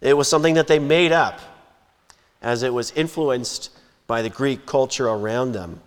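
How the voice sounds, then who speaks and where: A man preaching a sermon in a measured, emphatic way, lifting and dropping his voice for stress. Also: mid-range voice, clean tone. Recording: long hall reverb.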